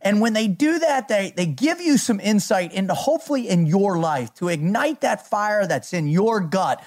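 A man's voice: high voice, animated, moderate pace, darkish tone. A man hosting a podcast, talking in a hyped, motivational way and laughing often. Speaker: podcast host. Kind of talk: energetic podcast chat.

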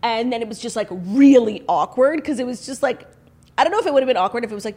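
A woman's voice: on the high side, expressive, fast, a little mellow. A young woman co-hosting a podcast, telling a story in casual chat and saying "like" all the time. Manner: chatty storytelling, heavy use of "like". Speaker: podcast co-host.

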